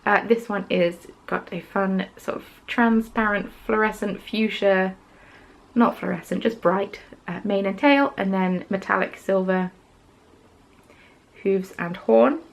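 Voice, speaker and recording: A young woman hosts a craft podcast in casual show-and-tell mode, chatty and gushing about each piece. Her mid-pitched voice carries a steady gravelly fry, and she fills the gaps with relaxed ums. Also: a little slow, poor audio.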